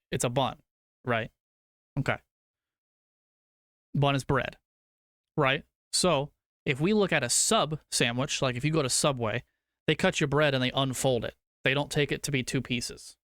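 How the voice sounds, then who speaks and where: A young man streaming to his chat, rambling through food debates and cursing casually. His voice is smooth and clear, recorded dry and close on a desk mic. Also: medium pitch, a bit bright, no room sound. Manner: rambling, swears casually, argues food opinions.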